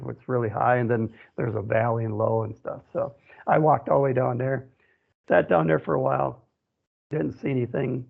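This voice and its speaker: Gravelly-voiced man on a phone line. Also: mid-range voice. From central Wisconsin. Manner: rambling storytelling with frequent "you know". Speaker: radio show guest. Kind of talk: telling a personal story in an interview.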